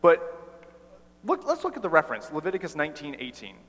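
A man preaching a sermon in an animated way, often slipping into acted-out dialogue. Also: on the high side, fast talker, long reverb tail. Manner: animated, acts out quoted dialogue.

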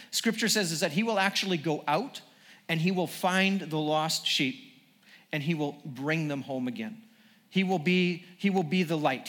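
A man's voice: fairly high pitch, fairly bright tone, in a large hall. A male pastor preaching a sermon to a congregation, earnest, with frequent restarts as he builds toward each point.

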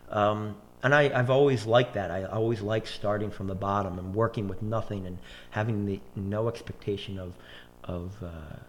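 A man's voice: fairly low pitch, a little hiss or hum. A man in his forties, a chef, telling long rambling stories in casual conversation, full of restarts and quoted dialogue.

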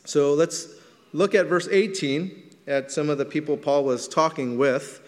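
A man's voice: a little high, unhurried. A man preaching a sermon as pastor, teaching in a conversational way and stretching words for emphasis. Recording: long hall reverb.

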